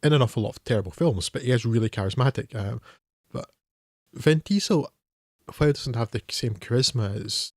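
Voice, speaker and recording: A man's voice: medium pitch, animated, a little fast, a little mellow, no room sound, clean studio sound. A man co-hosting a film podcast, talking in a wry, hesitant way with many fillers. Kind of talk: casual film discussion.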